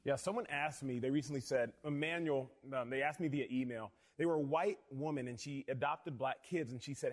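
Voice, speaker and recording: A man hosting an interview, earnest and emphatic, speaking in a measured conversational way. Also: mid-range voice. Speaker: host.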